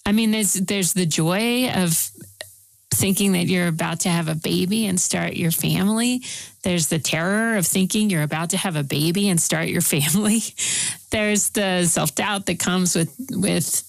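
Woman interview host, empathetic and reflective, slightly low voice, dry recording. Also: gravelly, no room sound, low-quality recording.

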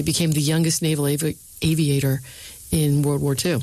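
A middle-aged woman, a speechwriter and lecturer, answering interview questions with lively storytelling and quoting others in changed voices. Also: low voice, unhurried, dry recording, low-quality recording. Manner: animated storyteller, voices quoted people.

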